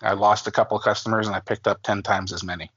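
A man in his forties speaks as an interview guest, telling a story at length and circling back with fillers and restarts. His voice sits fairly low. The recording is dull and dry, with a lo-fi quality. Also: little pitch movement, quick pace, a bit bright, husky, no echo. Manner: rambling, many fillers and restarts, acts out quoted family voices. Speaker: author and guest.

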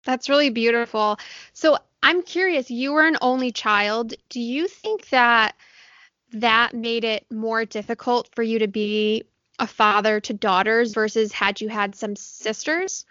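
A woman's voice: fairly high pitch, steady tone, a little slow, fairly bright tone, no room sound. A woman interviewing a guest and asking direct, curious follow-up questions. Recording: dull lo-fi dry audio.

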